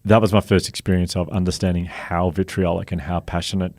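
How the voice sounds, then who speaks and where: A middle-aged Australian man, a podcast guest, telling animated stories and acting out the quoted voices. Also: brisk, no room sound. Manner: animated, acts out quoted voices loudly and high. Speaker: guest, author and speaker. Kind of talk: casual storytelling chat.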